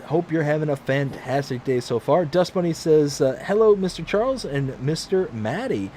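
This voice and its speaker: A man hosts a relaxed gaming livestream, reading viewer messages aloud one after another in a cheerful, chatty way. His voice sits a little high for a man. A faint hiss runs under the recording. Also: normal speed. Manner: reads viewer chat aloud, upbeat and friendly. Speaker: livestream host. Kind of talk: casual livestream chat reading comments. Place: home room, mostly packed up.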